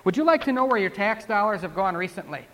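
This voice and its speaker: A man's voice: sits high, animated, fast talker, a bit bright, in a large hall. A man preaching a sermon, talking conversationally and then building to emphatic declarations. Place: church.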